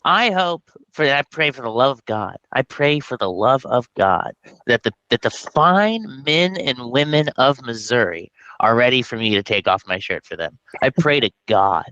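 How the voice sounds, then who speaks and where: Bright, jokey male comedian. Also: medium pitch, moderate pace, dry recording, highs cut off. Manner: jokey, rambling, animated bits. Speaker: comedian guest. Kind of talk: casual podcast chat.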